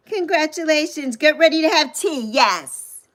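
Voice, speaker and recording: A woman in her sixties hosting a casual livestream, chatting with viewers and gushing over them with drawn-out coos. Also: high-pitched, big pitch swings, a bit bright. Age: 60s. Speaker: livestream host. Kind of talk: casual livestream chat reading viewer comments.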